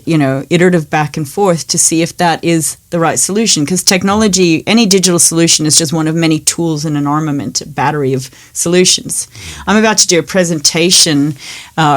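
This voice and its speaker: A woman, a podcast co-host chatting casually and acting out the dialogue in her stories. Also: sits low. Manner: animated storyteller, acts out quoted dialogue. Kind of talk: casual chat.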